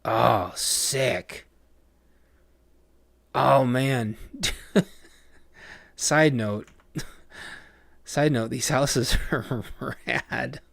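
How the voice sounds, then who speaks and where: A man's voice: mid-range voice, extremely slow, vocal fry, long pauses, fairly bright tone, no echo. A man chatting casually on a live stream, distracted, rambling and swearing as he mutters to himself.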